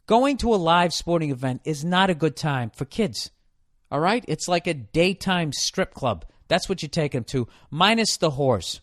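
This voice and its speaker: Male podcast host, profane exasperated rant, slightly high voice, dry close sound. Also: no room sound. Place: hot room.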